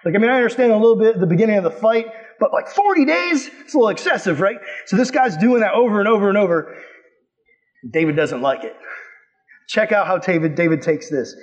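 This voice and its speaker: A man's voice: sits high, animated, fast. A man preaching in a casual, slangy, playful way, retelling a Bible story as a youth pastor.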